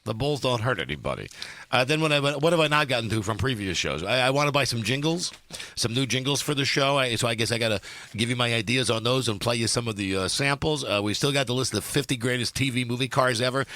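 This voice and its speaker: A man's voice: medium pitch, fast talker, pushed and bright. A man hosting a radio talk show, rambling wryly through his list of topics with lots of restarts. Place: radio studio. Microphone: studio microphone.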